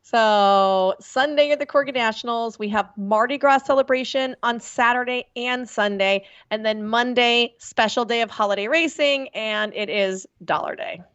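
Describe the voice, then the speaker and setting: A bubbly woman co-hosts over a video call, talking fast and filling her lines with "like." Her voice sits a little high. Her sound is dull and lo-fi. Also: a bit bright. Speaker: racing podcast co-host. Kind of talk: casual chat.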